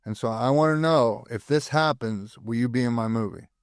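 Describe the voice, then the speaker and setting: A man's voice: mid-range voice, moderate pace, clean tone, no echo, clean studio sound. A man hosting a podcast interview, asking questions in an easygoing way. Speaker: host.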